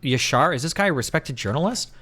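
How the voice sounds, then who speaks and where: A man streaming live, chatting loosely with his audience and answering chat; he rambles, doubts himself out loud and swears casually. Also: fairly high pitch, animated, fast, husky.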